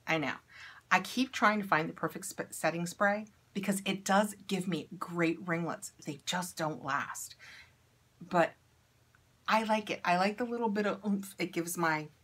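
A woman's voice: lowish voice, pushed and bright. A woman chatting casually to camera while unboxing and trying beauty products, upbeat and thinking aloud as she goes.

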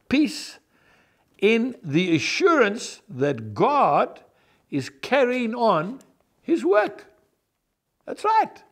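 A man's voice: sits high, vocal fry. A man preaching a folksy, emphatic devotional sermon, talking straight to his viewers as "folks". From South Africa. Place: on his farm.

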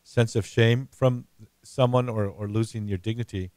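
A man's voice: fairly low pitch, steady tone, normal speed, darkish tone, smooth, dry recording, studio quality. A man hosting an interview podcast, reflecting conversationally and asking his guest questions. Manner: reflective, conversational, gives brief affirmations. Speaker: podcast host.

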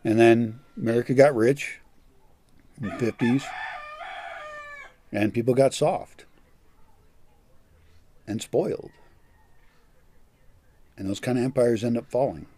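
Blunt older man with a dark husky voice. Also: medium pitch, slow, pauses often. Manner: blunt, profane, scornful. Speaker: vlogger. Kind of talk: ranting monologue.

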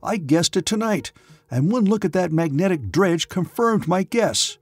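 Man doing angry accuser, heated, crackling voice, husky. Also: on the high side, very animated, normal speed, darkish tone, soft background music, pitched above the performer's own voice. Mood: hot. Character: man, hot-tempered accuser.

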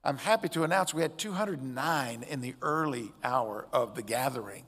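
A man preaching a sermon as pastor, expressive, with loud emphatic peaks and quiet drops. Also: medium pitch, normal speed, breathy edge. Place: church sanctuary. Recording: long church hall reverb.

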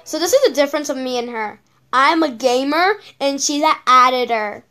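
A woman's voice: high voice, moderate pace, pushed and bright, faint music behind. A female channel host giving casual reaction commentary on videos, rambling with lots of repeated okays and ums.

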